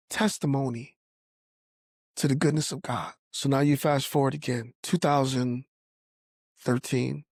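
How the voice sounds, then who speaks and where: A man's voice: a little high, a little mellow, no echo, studio quality. A man sharing a personal faith testimony in earnest storytelling, acting out the voices of people he quotes. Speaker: podcast guest telling his testimony.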